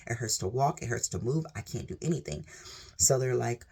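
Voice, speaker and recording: A woman's voice: rumbling low, brisk, creaky, mellow, breathy edge. A woman vlogger sharing a personal testimony in an earnest, rambling way, leaning on "like" and "literally". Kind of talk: emotional personal storytelling.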